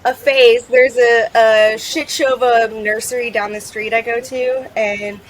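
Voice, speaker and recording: A woman's voice: a little high, fairly even intonation, a little slow, slight background noise, poor audio. A woman in her thirties from North Carolina, chatting casually and laughing often as a guest. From Charlotte, North Carolina. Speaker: guest, plant grower. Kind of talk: casual chat.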